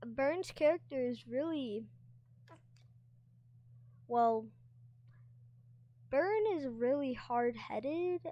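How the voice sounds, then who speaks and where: A woman with a high voice and dark tone, recorded with no room sound, reads a novel aloud expressively. A reader and teacher, she occasionally trips over words and comments on the characters.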